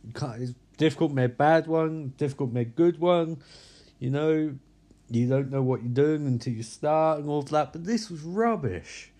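A man's voice: fairly high pitch, normal speed, warm tone. A tired man reviewing a movie in a casual vlog, rambling and blunt, swearing freely.

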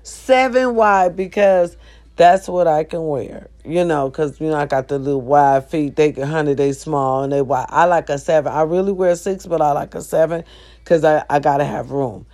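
A woman in pain, sitting on her bed and spinning a profane, animated story for her viewers. She talks to them directly, swearing freely and keeping the telling lively. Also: low voice, normal speed. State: sore, in pain. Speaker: vlogger. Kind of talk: casual storytelling vlog.

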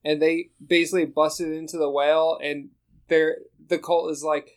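A man with a slightly high voice rambles through a casual group chat about running tabletop games. He laughs often and circles back on his own words. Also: level tone, normal speed, clear, resonant tone. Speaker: podcast co-host, dungeon master.

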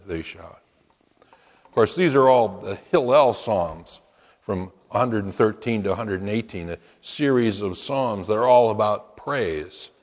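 A man delivers a sermon from the pulpit at an unhurried, measured pace. His voice swells into emphatic, chanted quotations before settling back. The sound carries the long reverb of a large hall. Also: mid-range voice. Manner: emphatic preaching with rising chanted quotes. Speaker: pastor.

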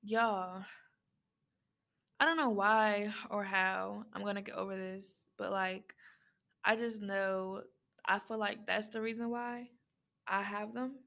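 A woman's voice: medium pitch, gravelly, a bit bright. A young adult woman hosting a podcast, telling a personal story in a casual, rambling way with lots of fillers, speaking straight to her listeners. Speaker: podcast host.

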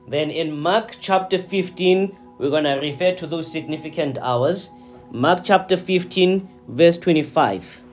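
A man preaching a sermon, slow and deliberate, often checking in with his listeners. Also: fairly high pitch, soft background music. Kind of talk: sermon teaching.

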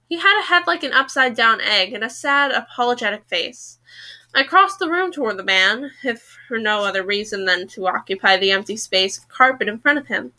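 A woman's voice: a little high, sharp tone. A woman reading a novel aloud for a podcast, casual and correcting herself as she goes. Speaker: podcast book reader.

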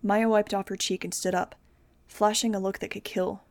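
Young woman reading a novel out loud, steady and plain, middle pitch, dry close sound. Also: moderate pace, no echo. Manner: steady, plain first-person storytelling. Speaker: audiobook reader. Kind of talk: amateur audiobook narration.

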